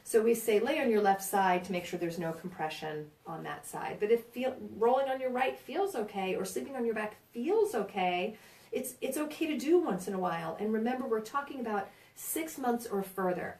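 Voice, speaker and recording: A woman's voice: fairly high pitch, animated, normal speed, a little mellow. Chatty New York woman, birth educator, roomy sound from a distant mic. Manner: chatty, reassuring, asks "right?" often. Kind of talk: informal prenatal class talk.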